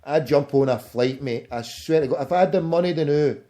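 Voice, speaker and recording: A man's voice: fairly high pitch, brisk, mellow. A Scottish man in casual chat, blunt and profane, dropping "mate" often. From Scotland.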